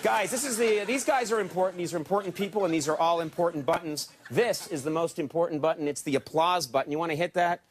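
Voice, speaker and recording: A man hosting a late-night talk show, leading a brisk, joking backstage tour of the TV studio with mock-bossy banter. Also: a little high. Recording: loud crowd and noisy ambience.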